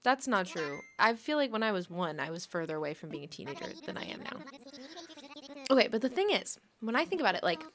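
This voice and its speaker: Hosting a livestream with crowd noise around her, a late-twenties woman plays and chats casually, rambling and frequently using "like" as filler. Her mid-range voice is fast and very animated.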